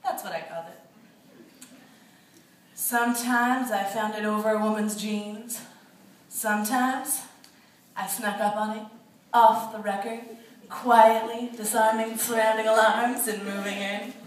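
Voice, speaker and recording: A woman's voice: fairly high pitch, fairly even intonation, a little slow. A young woman performing a live stage monologue with playful, theatrical storytelling, as a student actor in a large theatre. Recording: very echoey hall from far off, faint hiss.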